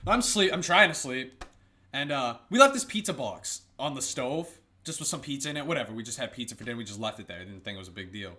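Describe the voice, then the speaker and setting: A man's voice: medium pitch, fast talker. A young man co-hosting a casual podcast, telling stories with lots of swearing and acted-out voices. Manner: animated storytelling, swearing, acting out voices. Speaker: podcast co-host. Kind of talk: casual chat.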